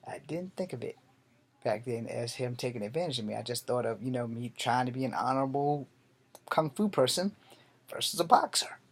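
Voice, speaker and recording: Profane, animated storytelling man. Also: medium pitch, fairly quick. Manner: animated, profane, swings loud and soft. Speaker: martial arts vlogger. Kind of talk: storytelling vlog.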